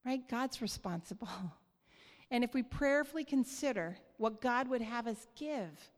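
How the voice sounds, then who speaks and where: A woman preaching a sermon in church, earnest and light, often laughing softly and checking in with the congregation. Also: a little high, animated, a little slow. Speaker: church speaker. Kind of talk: sermon on giving. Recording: long hall reverb.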